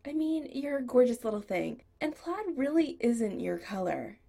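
A woman's voice: a little high, big pitch swings, normal speed, vocal fry, dark tone, husky, voice pushed up, heavily acted. A woman voicing a flamboyant male goth punk shop owner who teases and bosses his friend fondly. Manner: fond and bossy teasing.

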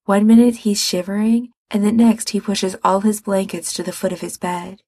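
A woman narrating a story in a soft, measured reading voice. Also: mid-range voice, level tone, breathy edge, dry recording.

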